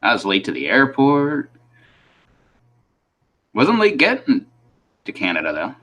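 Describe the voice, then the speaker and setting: A man's voice: medium pitch, wildly swooping pitch, unhurried, sharp tone, muffled recording. A man hosting a livestream in casual chat, rambling and laughing between his sentences. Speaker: host of a livestream.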